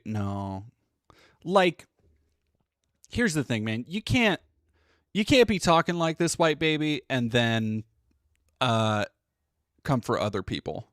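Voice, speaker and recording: A man's voice: medium pitch, a bit bright, dry recording, studio quality. A man hosting a casual reaction stream, sarcastic and swearing, reading chat aloud. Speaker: stream host.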